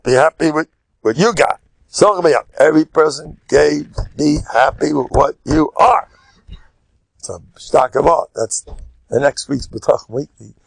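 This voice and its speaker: An older man delivers a Torah lecture in a gravelly, husky voice. His pitch leaps and dips all over, from loud pushes to near-whispers. The sound is dry and close. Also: no room sound. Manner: animated, swings between loud emphasis and soft murmurs. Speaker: rabbi giving a Torah class.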